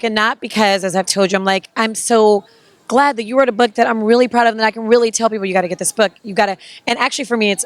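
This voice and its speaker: A woman's voice: fairly high pitch, no room sound. A woman interviewing an author in an effusive, gushing way. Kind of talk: casual enthusiastic interview.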